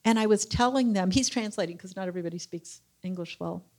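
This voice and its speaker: A woman's voice: medium pitch, fast talker, a little mellow. A middle-aged woman sharing a church testimony, telling a personal story and acting out the people she quotes.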